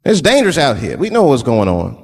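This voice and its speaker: A man from Washington, D.C. performing a stand-up routine, telling stories in an animated way and slipping into put-on voices, recorded on a large theater stage before a live crowd. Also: medium pitch, a little fast, in a large hall. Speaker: stand-up comedian.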